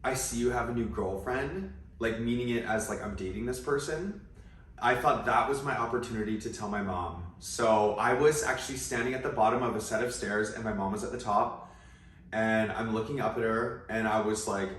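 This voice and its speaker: Fairly quick and fairly low in pitch, with a bit of brightness, a young vlogger shares a personal story. He talks casually with lots of likes and asides, and the mic is distant with room echo.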